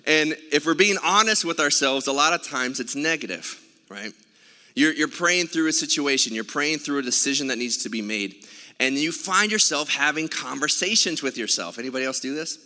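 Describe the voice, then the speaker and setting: In a church sanctuary, a pastor preaches a sermon by telling a story conversationally, with plenty of filler sounds. His fairly high voice is bright and forceful, lively in intonation, at normal speed, and the hall reverberates.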